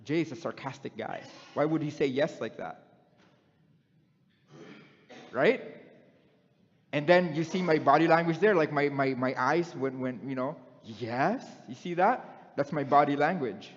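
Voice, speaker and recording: A middle-aged male preacher giving a conversational sermon and putting questions to the congregation. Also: mid-range voice. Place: church hall. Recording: dull sound in a long-echoing hall.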